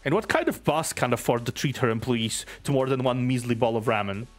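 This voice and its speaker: Man doing a blunt, deadpan schoolgirl. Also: mid-range voice, fairly quick, soft background music, natural voice.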